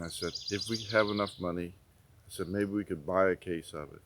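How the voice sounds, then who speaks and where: A man's voice: sits low, fairly even intonation, fairly quick, background noise. Folksy middle-aged man telling a story. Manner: folksy, rambling, repeats "I said". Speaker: prepping channel host. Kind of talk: casual storytelling.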